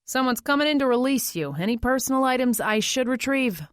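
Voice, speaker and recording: A woman's voice: high voice, lively intonation, fairly quick, no room sound, clean studio sound, pitched above the performer's own voice. A woman voicing a stern male defense attorney who barks orders like a drill sergeant. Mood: stern, commanding.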